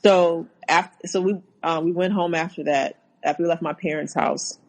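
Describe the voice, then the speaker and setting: A woman telling her own story as a podcast guest, halting and repeating herself, acting out what was said. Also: fairly low pitch, fairly even intonation, low-quality recording. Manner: halting, repeats words, acts out quotes. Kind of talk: personal account in a podcast interview.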